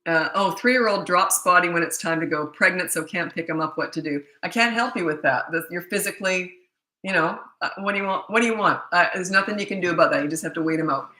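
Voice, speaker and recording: A woman's voice: on the low side, fast talker, sharp tone, poor audio. A middle-aged woman, a parenting coach, answering viewer questions in a blunt, chatty way and telling stories with laughter. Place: Australia.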